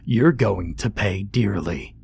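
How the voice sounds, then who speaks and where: A man's voice: fairly low pitch, animated, vocal fry, slight background noise, exaggerated voice. Man voicing a hollow vengeful ghost boy. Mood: menacing. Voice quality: hollow, hushed, slow.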